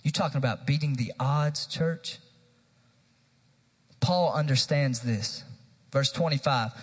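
Husky preacher in a reverberant hall. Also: male voice, medium pitch, slow, pauses often. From Tennessee, USA. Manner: energetic preaching, addressing the congregation directly. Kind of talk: sermon. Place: church sanctuary.

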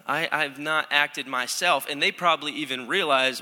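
A man's voice: on the high side, moderate pace, pushed and bright. A young man, a student pastor, preaching a casual, self-deprecating sermon in a church while stuffed up with allergies. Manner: chatty, self-deprecating, lots of restarts. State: congested, stopped-up nose. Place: church sanctuary. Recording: long hall reverb.

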